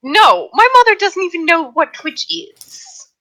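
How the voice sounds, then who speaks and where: A woman with a bright, clear tone chats as a player in a tabletop game. She talks at an unhurried pace, rambling a bit with fillers as she explains her plans. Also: very high voice, lively intonation, rough recording. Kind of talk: casual chat during a tabletop game.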